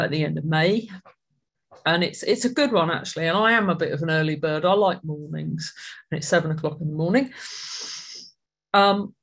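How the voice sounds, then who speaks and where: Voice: mid-range voice, gravelly, fairly bright tone. Earnest, reflective recovery-meeting speaker. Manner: earnest, reflective, halting with restarts. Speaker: recovering member sharing at a support meeting. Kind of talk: personal recovery share at an online meeting.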